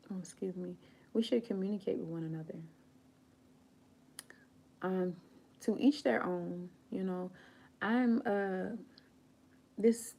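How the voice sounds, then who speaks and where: An American woman hosting a live stream, speaking slowly and earnestly about grace and communication, quoting scripture and sometimes dropping to a soft whisper. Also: mid-range voice, vocal fry. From United States. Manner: slow, earnest, preachy, quotes scripture. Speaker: channel host. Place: home, late at night.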